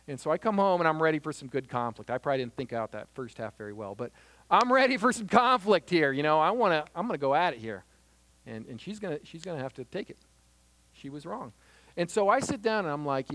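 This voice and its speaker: Lively, high-voiced man teaching. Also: normal speed, dry recording. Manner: earnest and lively, acts out little scenes. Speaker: Christian teacher on marriage conflict. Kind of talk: conversational teaching with personal stories.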